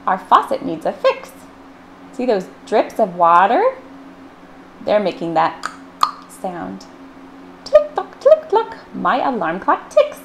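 Reading to kids at storytime, a librarian uses a very animated mid-range voice that is slow and creaky, with frequent pauses. She plays up the sound words with big swings in voice, and the background is noisy.

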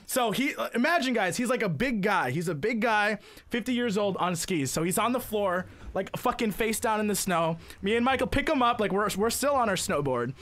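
A man streamer telling a funny story in a casual, rambling way, full of filler words and swearing, getting loud and excited at the big moments. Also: high-pitched, a little fast.

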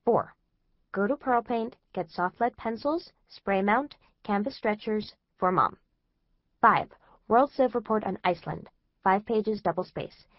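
A woman's voice: medium pitch, measured pace, no echo, lo-fi sound. A woman narrating a first-person teen diary in a chatty, anxious, exasperated way. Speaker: audiobook narrator.

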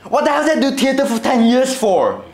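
A man's voice: extremely high pitch, sing-song, fairly quick, reverberant, heavily acted. A man playing a frustrated actor who is sick of small parts and soap commercials, talking in an indignant, sarcastic way. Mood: bitter. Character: frustrated male actor fed up with bit parts. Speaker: actor in a short film scene. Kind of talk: acting-class film scene.

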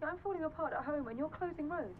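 An actress playing a bitter, wounded wife. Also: female voice, high-pitched, fast, close to an everyday voice. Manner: bitter, cutting. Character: hurt, cold wife confronting her husband. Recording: muffled phone line with hiss.

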